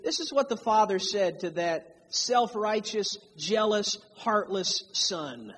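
A man's voice: high-pitched, slow pace, hardly any pauses, fairly bright tone, slightly rough. A man preaching a sermon, emphatic, drawing out key phrases to stress them. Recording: long hall reverb.

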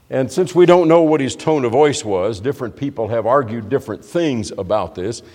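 A man's voice: medium pitch, animated, normal speed, few pauses, warm tone. Man preaching in a reverberant church. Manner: conversational, explanatory, with frequent restarts. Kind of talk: sermon. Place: church hall. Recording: long reverb of a church hall.

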